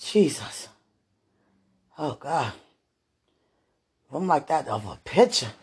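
Distressed speaker murmuring prayers, slow. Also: mid-range voice. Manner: overwhelmed, murmuring prayers to calm down. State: distressed, tense. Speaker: former minister. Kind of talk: emotional live chat. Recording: noisy recording with clicks.

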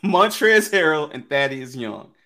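A man with a lively, swooping voice that sits a little high, joking around in casual sports banter. He talks in loose slang and laughs often. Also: a little slow. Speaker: podcast co-host.

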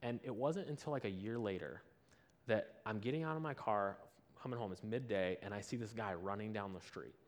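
Animated man preaching through a story. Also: fairly low pitch, brisk. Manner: animated storyteller acting out both sides of a conversation. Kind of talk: storytelling sermon.

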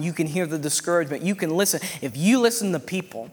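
A man's voice: on the high side, expressive, fast talker, few pauses, slightly rough. A man preaching a sermon with fervent repetition, often adding amens and hallelujahs. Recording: long hall reverb.

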